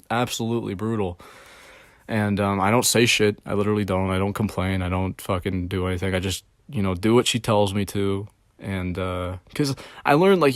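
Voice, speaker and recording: Rambling, profane young man, fairly low voice. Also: dry recording, clean studio sound. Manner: rambling, profane, storytelling with many fillers. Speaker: streamer. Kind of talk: casual rant about work.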